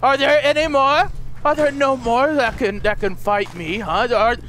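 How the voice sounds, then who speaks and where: A young man doing comedic gameplay commentary, shouting mock-heroic boasts with goofy bravado. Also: very high-pitched, a little slow, slight background noise. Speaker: gaming YouTuber.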